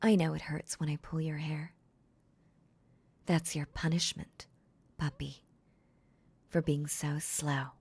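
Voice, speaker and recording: A woman voicing a cold, controlling female boss in a whispered role-play, speaking in a soft, low whisper. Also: little pitch movement, slow pace, long pauses, slightly rough, no echo, exaggerated voice. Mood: commanding. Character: cold commanding female boss toying with her pet. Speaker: voice actor.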